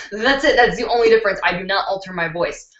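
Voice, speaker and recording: This is a casual beauty live stream where a young woman answers viewers' questions from her home, laughing often and talking openly. Her mid-range voice moves a little quickly and has a fairly bright tone. It was captured on a built-in laptop mic, so the sound is dull and roomy.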